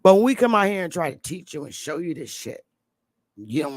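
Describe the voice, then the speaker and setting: Woman host, from New England, blunt profane livestream rant, gravelly and dry. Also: on the low side, sing-song, brisk, darkish tone, no echo. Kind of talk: impassioned livestream monologue.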